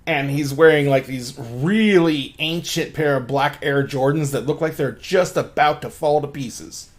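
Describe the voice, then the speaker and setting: A man's voice: fairly high pitch, a little slow. A man narrating as game master of a tabletop game, casual and laughing, swearing freely.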